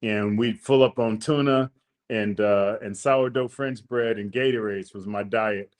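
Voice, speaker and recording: A man's voice: fairly low pitch, fairly even intonation, measured pace. A man hosting a podcast, casually telling a long story in slangy talk, acting out the quotes. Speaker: podcast host.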